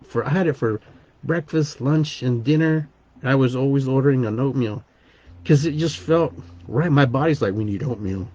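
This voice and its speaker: A man's voice: mid-range voice, moderate pace, dark tone, no room sound, muffled recording. A man hosting a podcast, telling a personal story in a rambling way, often repeating words and restarting sentences. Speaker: podcast host.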